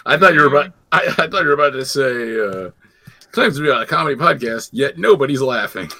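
Animated, rambling man on a podcast. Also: mid-range voice, fast. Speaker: podcast co-host. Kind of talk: casual comedy chat.

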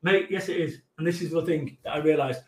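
A middle-aged man, a business coach and podcast guest, telling stories in a profane, emphatic, animated way. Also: on the high side, fairly quick, reverberant, low-quality recording. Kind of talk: podcast conversation.

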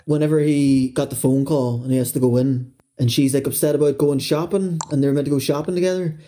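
A man talks through a film with friends, candid and quick to swear. His voice is warm and mellow, sitting in an easy middle pitch. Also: fairly even intonation, slight background noise. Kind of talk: casual film discussion.

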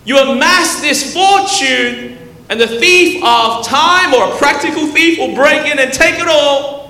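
A preacher voicing exasperated Jesus, scolding, incredulous, higher pitched, echoey hall. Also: male voice, unhurried, pushed and bright, exaggerated voice. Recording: echoey hall with long reverb.

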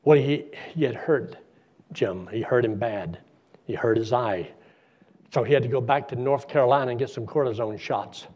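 Husky male preacher telling a story from the pulpit and acting out its dialogue, recorded lo-fi. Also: mid-range voice, moderate pace, darkish tone. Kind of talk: sermon storytelling.

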